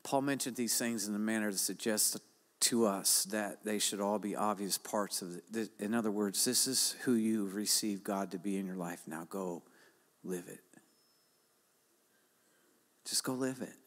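A man's voice: fairly low pitch, normal speed. Older male pastor preaching, emphatic and repetitive, reverberant hall. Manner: preaches with repeated exhortations, rising loud and emphatic. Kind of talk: sermon.

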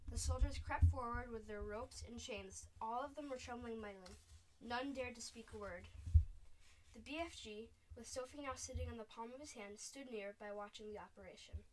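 A woman reading a children's book aloud with expressive storytelling. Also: on the high side, moderate pace, distant mic, background noise. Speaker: narrator.

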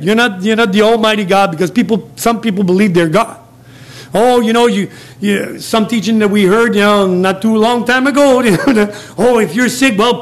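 Middle-aged guy with a quebec french accent, fairly high voice, preaching casually at a café, rambly and chuckling. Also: fairly bright tone. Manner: chuckles often, rambling with restarts. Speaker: lay preacher. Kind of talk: informal sermon. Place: small café.

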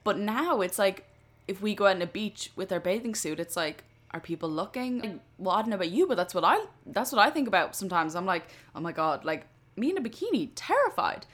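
A woman's voice: medium pitch, animated, fast talker. A woman of twenty, talking through a casual solo podcast episode in an earnest, chatty way full of "like". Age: 20s. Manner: chatty, earnest, many "like" fillers. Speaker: podcast host.

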